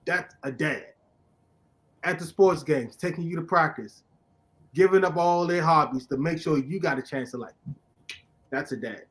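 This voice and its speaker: An excitable man hosts a casual comic book talk, speaking in a voice pitched a little high. He laughs often and launches into loud, emphatic rants when something gets to him. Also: normal speed, long pauses. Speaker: podcast host.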